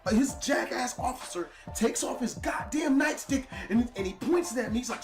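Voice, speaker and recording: A man's voice: extremely high pitch, normal speed, hardly any pauses, reverberant. Man telling a story over faint music. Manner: calm, quoting shouting officers. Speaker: storyteller in a played video. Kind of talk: first-person story narration.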